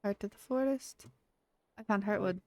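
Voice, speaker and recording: A woman's voice: mid-range voice, moderate pace. A woman streaming a game live, chatting casually with her viewers and often giggling. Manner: chatty, giggly, answers chat.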